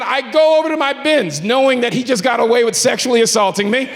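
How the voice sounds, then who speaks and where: A man's voice: very high voice, brisk, gravelly, background noise. A man doing a stand-up comedy set in a club, telling a story with acted-out quotes and growing exasperation. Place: comedy club stage before a live audience. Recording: roomy hall with a laughing crowd. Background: crowd laughter.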